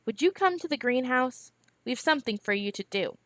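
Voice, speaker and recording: A woman reading aloud, voicing a blunt street-raised boy who talks in slang, pitched a little higher than her narration. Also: expressive, moderate pace, a bit bright, dry recording.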